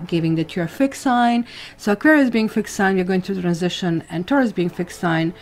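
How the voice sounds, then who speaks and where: A woman giving a casual monthly tarot reading, rambling and correcting herself as she talks straight to the viewer. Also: on the low side. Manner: chatty, rambling with asides and self-corrections. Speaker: tarot reader. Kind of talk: casual astrology reading to camera.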